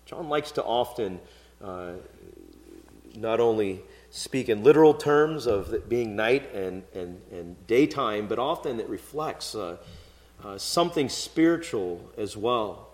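A man's voice: on the low side, animated, unhurried. A male pastor giving an expository sermon in a conversational, storytelling way, with occasional fillers. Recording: long hall reverb.

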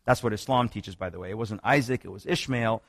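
A man preaching in a sermon-style teaching talk, telling stories with lively energy and frequent restarts. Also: fairly quick, vocal fry, no room sound, clean studio sound. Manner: animated storytelling, many restarts, rising pitch when excited. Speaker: preacher teaching on another religion.

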